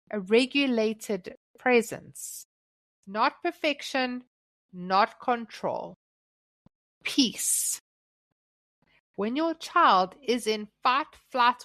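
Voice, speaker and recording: Slow, gentle woman teaching parents. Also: fairly high pitch, dry recording. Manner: slow, gentle and deliberate, short emphatic phrases. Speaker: Christian parenting podcast host. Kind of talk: scripted devotional teaching.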